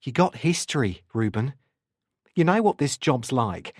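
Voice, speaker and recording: A man's voice: medium pitch, big pitch swings, measured pace, no echo, studio quality. A man voicing a doubtful, teasing female detective with a New Zealand accent in an audiobook. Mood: wary.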